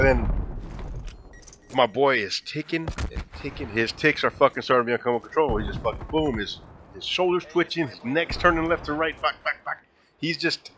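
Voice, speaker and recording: A young man in his twenties telling a funny, profane story from school in a casual, animated way. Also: on the high side, brisk, slight background noise. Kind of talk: casual storytime over gameplay.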